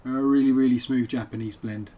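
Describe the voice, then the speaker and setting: A man's voice: mid-range voice, steady tone, fairly quick, noisy background. Chatty man rambling on a live stream. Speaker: poet and game streamer. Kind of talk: casual live-stream chat over gameplay.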